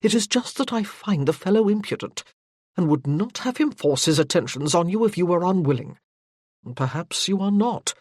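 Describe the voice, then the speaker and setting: A narrator doing a blustering young army captain. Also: male voice, high voice, lively intonation, normal speed, darkish tone, no room sound, clean studio sound. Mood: irritated. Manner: indignant and blustering. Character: irritated possessive young male army captain.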